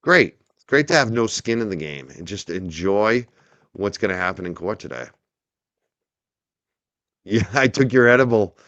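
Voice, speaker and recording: A man's voice: lowish voice, animated, unhurried, pauses often, fairly bright tone, no room sound, muffled recording. A man hosting a casual livestream, chatting animatedly with his chat, joking and swearing as he waits for a court feed. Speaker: livestream host.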